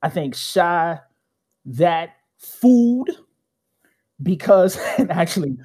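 A middle-aged man, a guest telling animated stories in casual conversation, often tagging his points with "right?" and acting out quotes. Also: high voice, extremely slow. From Chicago.

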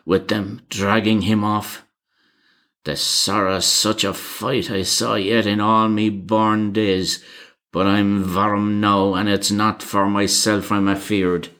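Guy putting on a gruff irish cab driver, deep voice, slow ominous brogue. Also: a bit bright. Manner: brogue, grave warning tone. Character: surly old male Irish car driver, ominous.

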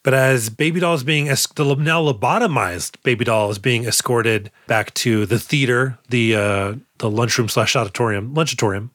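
A man's voice: mid-range voice, normal speed, hardly any pauses, a bit bright, no echo, studio quality. A man co-hosting a movie podcast, rambling casually with lots of fillers and acting out quotes. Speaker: podcast co-host. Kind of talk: casual movie-discussion chat.

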